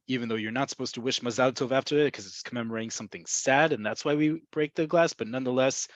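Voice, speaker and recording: A man's voice: medium pitch, no echo. A man teaching a webinar lesson on Hebrew expressions, explaining pronunciation and often checking in with "right?". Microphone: webinar computer mic.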